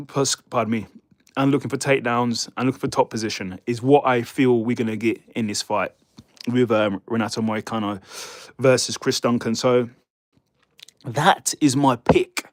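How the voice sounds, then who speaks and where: Chatting loosely with his viewers, a male streamer from the United Kingdom rambles through fight predictions and keeps tripping over the fighters' names. He speaks at normal speed with a medium pitch and steady tone, and his dry mic picks up no echo.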